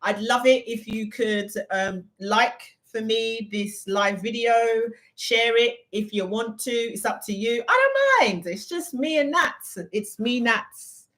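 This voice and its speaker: Casting note: English woman, somewhat high voice, rambling live-stream host chatting with viewers. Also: slow pace, a bit bright. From United Kingdom. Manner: chatty and rambling, reading viewer comments aloud. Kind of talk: unscripted live Q&A chat.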